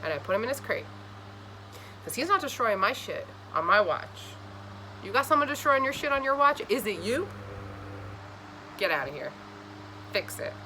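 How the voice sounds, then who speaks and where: A woman giving a casual astrology reading to camera, blunt, profane and scolding, with an animated delivery. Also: on the high side, normal speed, pauses often, slight background noise, rough recording. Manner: animated, acts out voices. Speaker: astrology reader.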